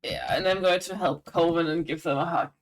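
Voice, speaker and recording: A woman player in a casual tabletop role-playing session, chatty and relaxed. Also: on the low side, brisk, rough recording.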